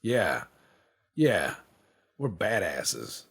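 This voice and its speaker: A man with a deep, husky voice riffs casually over his gameplay. He rambles from thought to thought, tossing in profane jokes and goofy boasts in a loose, unscripted way. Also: sing-song, very slow, a bit bright. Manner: rambling, joking, profane banter. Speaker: game streamer.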